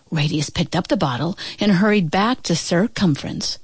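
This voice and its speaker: A woman reading a children's picture book aloud in a slow, expressive, sing-song way. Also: fairly low pitch, breathy edge, no room sound. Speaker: narrator. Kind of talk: children's storybook read-aloud.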